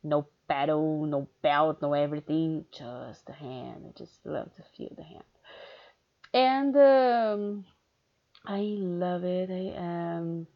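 A woman with a low, gravelly voice talks slowly and candidly in a casual question-and-answer chat, pausing often on fillers. The recording sounds dull and lo-fi. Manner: candid, hesitant with many fillers. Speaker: erotic audio creator.

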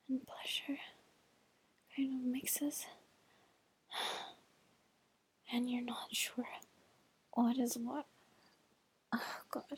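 A young woman murmurs through a whispered role-play in a high, airy voice, letting each phrase stretch out with unhurried slowness. Soft sighs fill the pauses, and there is a slight morning roughness to her tone. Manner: breathy and slow, with frequent sighs. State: slightly rough voice, just woke up.

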